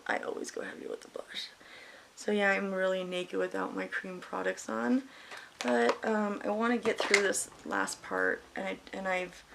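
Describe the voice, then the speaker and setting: A middle-aged woman talks through her makeup routine in an open, emotional, rambling way, dropping swear words as she goes. Her voice has a gravelly fry to it. Faint hiss runs under the recording. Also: medium pitch, a bit bright, poor audio. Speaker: makeup vlogger. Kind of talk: casual chat while doing makeup.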